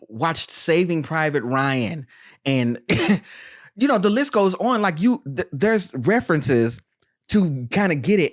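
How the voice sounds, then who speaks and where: Animated podcast host reviewing a film. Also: mid-range voice, dry recording, studio quality. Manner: animated, joking, quick asides. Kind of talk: casual film review chat.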